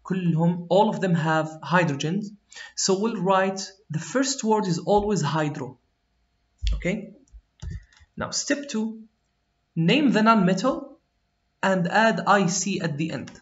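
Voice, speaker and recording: High-pitched guy teaching chem, mixes english and arabic, keeps asking okay?, echoey muffled room. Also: lively intonation, slow. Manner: explains step by step, checks understanding with "okay?". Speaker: chemistry teacher. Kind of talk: classroom lesson mixing English and Arabic. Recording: roomy, slightly dull lo-fi sound.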